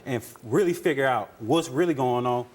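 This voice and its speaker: A man's voice: medium pitch, brisk, a little mellow. A man who is a guest on a talk show, speaking in an earnest, wounded way and repeating himself. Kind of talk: emotional talk show testimony.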